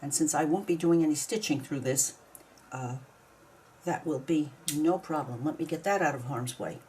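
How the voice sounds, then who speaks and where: A woman's voice: low-pitched, normal speed, mellow, slight background noise. A woman casually talking herself through a craft project step by step, now and then grumbling mildly at the work. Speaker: craft video maker. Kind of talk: casual narration while crafting.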